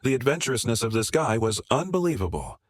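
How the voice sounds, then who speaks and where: A man's voice: mid-range voice, sing-song, quick pace, no room sound, studio quality. A man voicing a brash, presumptuous younger man in a spoken story, with a casual, pushy way of talking.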